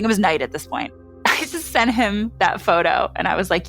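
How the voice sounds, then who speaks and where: A woman's voice: on the low side, expressive, moderate pace, fairly bright tone, faint music behind. A young adult woman candidly telling her own story in a chatty way, full of fillers, acting out what people said. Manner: chatty, many "like" fillers, acts out quotes.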